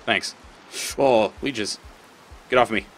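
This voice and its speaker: A man's voice: lowish voice, slow pace, a little hiss or hum. A man giving casual gameplay commentary as a let's play host; he swears often and talks back at the creatures on screen.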